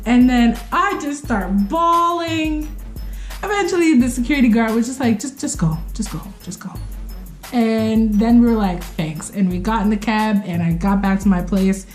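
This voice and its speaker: A young woman tells a story to her camera in a lively, expressive way, acting out what people said with sudden leaps in pitch. Her voice sits a little high. The room is echoey, with faint music underneath. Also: moderate pace. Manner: expressive, acts out quotes with sudden pitch jumps. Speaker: vlogger telling a story. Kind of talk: animated story time.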